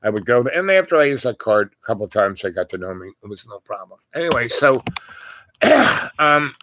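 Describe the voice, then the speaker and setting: A man's voice: mid-range voice, sing-song, brisk, noisy background. An older man telling a long personal story in a loose, rambling way, full of fillers and asides. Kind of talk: casual spoken storytelling.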